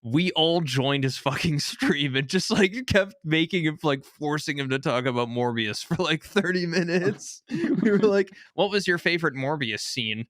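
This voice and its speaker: A man co-hosting a podcast in casual chat, animated and quick to laugh. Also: on the high side, no echo, clean studio sound. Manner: animated, laughing, mock-quotes people. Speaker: podcast co-host.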